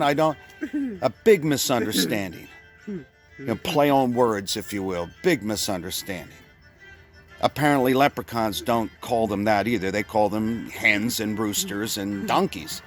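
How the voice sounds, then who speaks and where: A man from Pennsylvania telling a rambling comic story, full of stumbling restarts and deadpan exaggeration. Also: mid-range voice, moderate pace, music in the background. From Pennsylvania, USA. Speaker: comedian.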